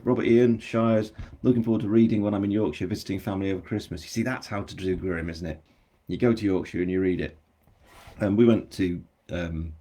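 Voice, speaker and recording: A man's voice: low-pitched, warm tone. An English man with a general English accent, an author chatting casually on a live stream, rambling and self-deprecating as he answers viewer comments. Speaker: author hosting his book launch.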